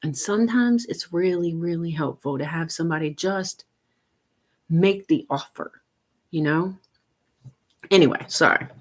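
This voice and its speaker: A woman, hosting a casual livestream, chatting and reading viewer comments with frequent laughs and animated teasing. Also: a little slow, pauses often. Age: 50s. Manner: chatty and animated, laughs often, big swings up in pitch when teasing viewers. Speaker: homesteading livestream host.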